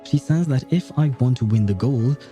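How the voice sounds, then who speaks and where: A man's voice: mid-range voice, animated, moderate pace, warm tone, faint music behind, lightly acted. A man reading a timid young girl.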